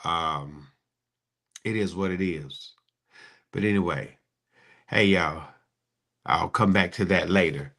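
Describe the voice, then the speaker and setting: A man's voice: slow, vocal fry, pauses often. Playful jokey man hosting a casual chat. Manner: playful, jokey, sarcastic, with sudden high excited bursts. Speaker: host. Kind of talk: casual live-stream chat.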